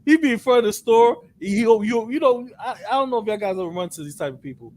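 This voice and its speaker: A man in casual chat, animated and profane, acting out other people's lines as he talks. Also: very high-pitched, fast talker. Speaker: co-host.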